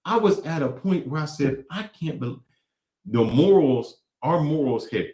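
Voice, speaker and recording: A man hosting a talk show, giving animated, preachy commentary on clips and acting out quotes. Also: on the high side, measured pace, echoey room. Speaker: podcast host. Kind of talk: casual commentary reacting to clips.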